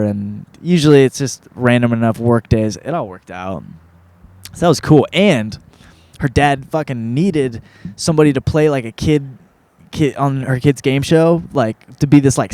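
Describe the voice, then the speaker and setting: A man in his thirties hosting a podcast, talking through his story in a loose, meandering way with constant filler words and casual swearing. His voice sits at an ordinary middle pitch. The sound is close and dry. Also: mellow, no echo. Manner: rambling, profane, laid-back, lots of filler words. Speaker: podcast host.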